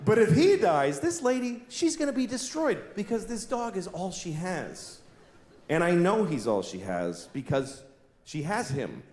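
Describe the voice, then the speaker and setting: A man's voice: sits high, very animated, measured pace, darkish tone. A middle-aged man doing stand-up comedy in an exasperated, blunt way on a club stage. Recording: roomy club with crowd noise.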